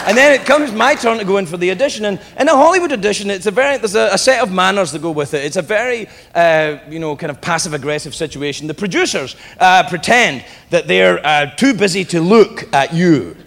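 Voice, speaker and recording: A brash, middle-aged English comedian telling stories on stage. His voice sits high and leaps around, with a gravelly rasp. A live crowd and club noise fill the room behind him. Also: a little fast, few pauses, long reverb tail. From England. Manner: brash, animated storytelling, swearing. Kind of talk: stand-up comedy.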